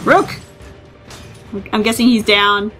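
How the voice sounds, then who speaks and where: A woman's voice: medium pitch, slow pace, a bit bright. A young woman giving casual let's play commentary, laughing constantly, swearing and teasing her companion. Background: game music.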